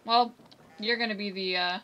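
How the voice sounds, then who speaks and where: A woman's voice: medium pitch, steady tone, moderate pace, a bit bright, muffled recording. A woman giving chatty, giggly let's-play commentary, talking back to the game characters. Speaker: gameplay commentator.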